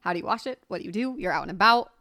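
Fast-talking woman quipping on a podcast. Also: medium pitch, expressive, pushed and bright, dry recording, studio quality. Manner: chimes in with quick jokes and agreement. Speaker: podcast co-host. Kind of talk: casual chat.

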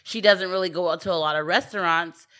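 Brief: woman, casual recap chat, bright clear tone, rambling with lots of "um" and "like". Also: lowish voice, fast talker. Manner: rambling retelling with fillers and quoted dialogue. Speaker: co-host recapping a film.

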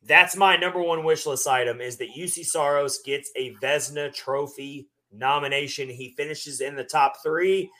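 A man co-hosting a sports podcast, talking casually and at length with relaxed fillers. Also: fairly high pitch. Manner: relaxed, talkative, drawn-out fillers. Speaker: podcast co-host.

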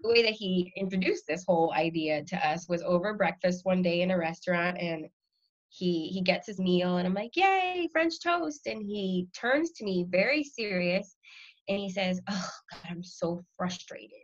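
A woman in her thirties, a guest in a casual conversation, telling stories with laughter and lively quoted voices. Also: on the low side, moderate pace, lo-fi sound.

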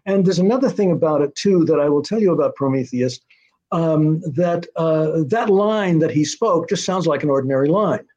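Older male guest, slightly higher voice, meandering anecdotes full of pauses, dull lo-fi sound. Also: a little mellow. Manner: rambling storyteller, many hesitations. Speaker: guest, TV writer-director. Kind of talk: casual interview chat.

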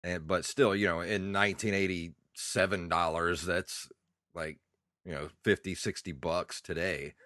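A congested man with a deep, low voice rambles nostalgically as a podcast co-host. His sound is close and dry, with no room around it. He talks casually and laughs easily. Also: fairly even intonation, measured pace, a bit bright, no room sound. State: congested, coughing. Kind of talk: casual chat.

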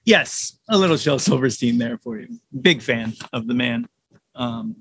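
A man's voice: mid-range voice, lively intonation, moderate pace, fairly bright tone, breathy edge, dry recording. A man hosting a casual holiday podcast, rambling and poking fun at himself, with lots of fillers. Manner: rambling and self-mocking, many fillers. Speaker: podcast host.

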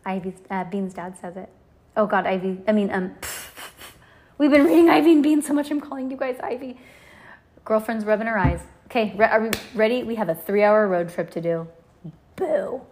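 A woman reading a children's book aloud to her kids, lively and animated with them. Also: medium pitch, normal speed.

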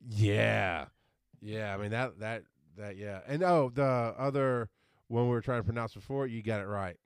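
A man's voice: lowish voice, moderate pace, clean tone, no echo, studio quality. A middle-aged man co-hosting a casual podcast chat, rambling and stumbling over words. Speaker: podcast co-host.

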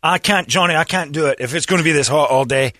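A man voicing his melodramatic Scottish friend, who complains and wails loudly. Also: a little high, fast talker, no room sound, clean studio sound, voice pushed up. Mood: wailing. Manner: wailing, complaining, shouting. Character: whiny Scottish male friend, melodramatic, always overheated.

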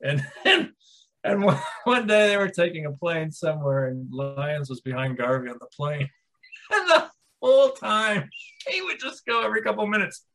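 Rambling podcast guy in his 40s, laughs a lot, pretty bright tone. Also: sits high, normal speed, rough recording. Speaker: podcast co-host. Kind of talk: casual podcast chat.

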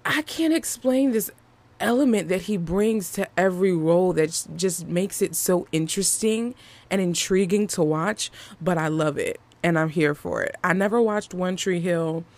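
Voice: mid-range voice, normal speed. A movie reviewer talking casually to viewers in a chatty, emphatic way, often repeating phrases for effect. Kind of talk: casual video commentary.

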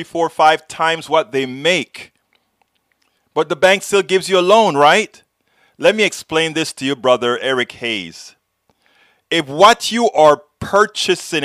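A man with a Texan accent hosting a live political talk show, greeting viewers and lecturing them in an animated, folksy, jokey way. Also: fairly high pitch, no room sound, studio quality. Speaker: host.

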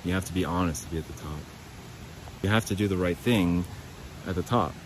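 Man with a lowish voice, podcast host rambling solo outdoors, swears freely, self-mocking, faint outdoor noise behind him. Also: fairly quick. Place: outdoors by a creek.

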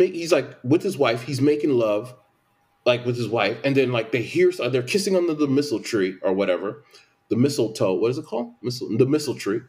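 A man in casual conversation, venting emphatically with lots of repetition. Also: on the high side. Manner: animated, repetitive, emphatic complaints. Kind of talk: casual opinion chat.

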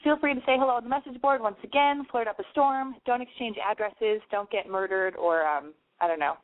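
A woman's voice: fairly high pitch, brisk. Rambling, profane young woman hosting a call-in show. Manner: rambling, profane, self-mocking. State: slightly nasal from smoke. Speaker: call-in advice show host. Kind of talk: casual call-in radio monologue. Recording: dry, phone-like narrow sound.

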